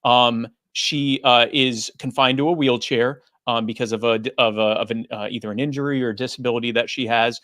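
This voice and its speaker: Earnest man with halting fillers. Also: mid-range voice, fairly even intonation, a bit bright, no room sound, clean studio sound. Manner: earnest, hesitant with many fillers and restarts. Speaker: advocate guest. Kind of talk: livestream panel discussion.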